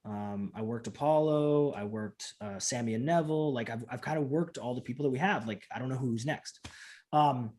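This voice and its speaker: A man talking casually as an interview guest, telling an animated story with lots of "like" and acting out what people said. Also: mid-range voice, normal speed. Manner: animated, acts out the voices of people in his stories, fills in with "like". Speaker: professional wrestler, interview guest.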